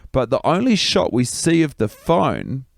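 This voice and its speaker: A man co-hosting a comedy podcast, recapping a film scene in an animated, exasperated way. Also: medium pitch, unhurried, vocal fry, no echo, clean studio sound. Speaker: podcast co-host.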